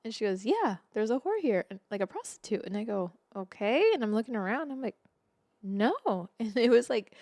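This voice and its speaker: A young adult woman co-hosts a casual podcast chat, her voice sitting on the high side at a normal speed in a dry recording. She's an animated storyteller who swears freely and acts out the quotes in her stories.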